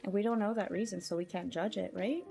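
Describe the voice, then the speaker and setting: A woman's voice: mid-range voice, steady tone, fast, creaky, mellow, faint music behind. A woman streamer chatting casually with her chat while gaming, musing and talking straight to them.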